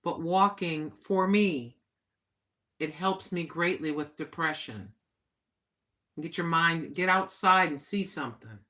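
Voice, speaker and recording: A woman's voice: deep voice, slow pace, fairly bright tone. An older woman, a senior citizen, talking in a plain-spoken, chatty and earnest way on her own livestream. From United States. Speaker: vlogger. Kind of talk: casual livestream chat.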